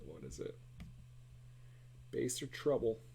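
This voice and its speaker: His mid-range voice is gravelly, slightly rough, and dark in tone, with a sing-song lilt, a slow pace, and a somewhat nasal edge. It's a cell phone recording of an artist casually rambling through a livestreamed drawing session, self-deprecating and humming or singing bits along the way.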